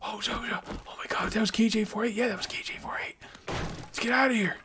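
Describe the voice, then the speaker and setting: A man's voice: high-pitched, steady tone, fairly quick, noisy background, pitched above the performer's own voice, natural voice. A man voicing a frightened male zombie who panics and mutters about fleeing. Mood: scared.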